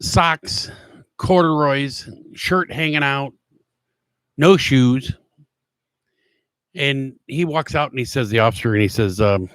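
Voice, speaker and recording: A man's voice: medium pitch, slow pace, pauses often, fairly bright tone, smooth, no room sound. Rambling middle-aged man telling stories. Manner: rambling and anecdotal, with frequent fillers and restarts. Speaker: talk show host; former police officer. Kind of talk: casual storytelling monologue.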